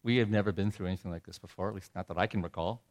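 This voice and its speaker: A middle-aged man telling a heartfelt personal story in a sermon, his voice dropping low and soft when he is moved. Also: very fast. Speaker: preacher. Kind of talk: sermon testimony.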